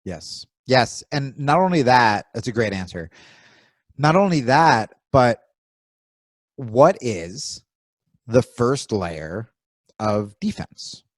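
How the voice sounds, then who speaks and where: A man's voice: mid-range voice, sing-song, slow pace, long pauses, no room sound. A man co-hosting a podcast in casual chat, giving blunt, profane coaching advice. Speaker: podcast co-host.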